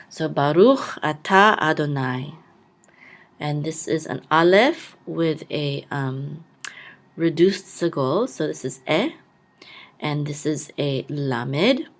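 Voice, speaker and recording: A woman hosting a podcast, patiently teaching a reading lesson, sounding out syllables one by one and repeating each word. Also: low voice. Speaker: podcast host and Hebrew blessing teacher. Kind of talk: slow step-by-step reading lesson.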